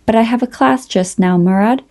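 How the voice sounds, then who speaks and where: A woman's voice: fairly high pitch, normal speed, a little mellow, close to an everyday voice. A woman reading as a timid, pleading lecturer. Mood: anxious. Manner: pleading, stammering. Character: anxious, timid grown man, a college lecturer.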